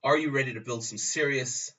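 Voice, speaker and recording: A man's voice: medium pitch, a little fast, a bit bright. A man talking casually through a screen-recorded tutorial, rambling and restarting his phrases as he explains. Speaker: tutorial host. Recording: dull lo-fi sound, distant from the mic.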